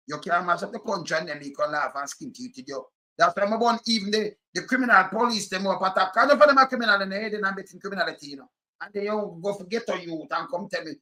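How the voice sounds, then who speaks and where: A man's voice: sits high, pushed and bright. A Jamaican man giving a blunt, emphatic political rant in patois. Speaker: political commentator. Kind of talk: animated commentary rant.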